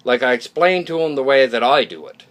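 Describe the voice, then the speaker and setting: A man's voice: medium pitch, expressive, brisk, fairly bright tone. Man, mid-range voice, casual monologue, blunt, opinionated, rambling, restarts sentences, mild swearing. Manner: rambling, with frequent restarts and "okay?" check-ins. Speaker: YouTube channel host.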